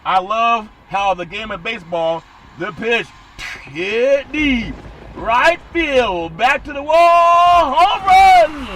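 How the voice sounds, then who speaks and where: A man putting on the voice of an excited baseball play-by-play announcer, building up to a shouted home-run call. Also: sits high, moderate pace, background noise, voice pushed up, natural voice.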